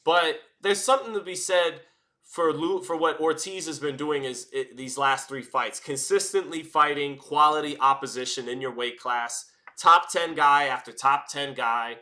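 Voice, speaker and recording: A man calling a boxing fight live, chatty and energetic, hosting a watch-party stream and often restarting his phrases. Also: a little high, moderate pace. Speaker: boxing commentator and stream host. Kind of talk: live round-by-round fight commentary.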